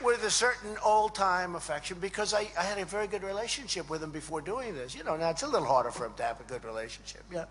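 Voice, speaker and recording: A man's voice: high-pitched, lively intonation, quick pace, hardly any pauses, noisy background. A man giving a rambling, emphatic rally speech to a crowd, repeating phrases and acting out quoted dialogue. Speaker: speaker at a political event. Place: large event hall.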